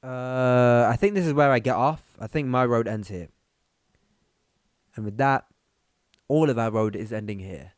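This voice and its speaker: A man's voice: mid-range voice, unhurried, pauses often, no echo, studio quality. A young man hosting a commentary video, talking bluntly and mockingly in a rant. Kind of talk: reaction commentary.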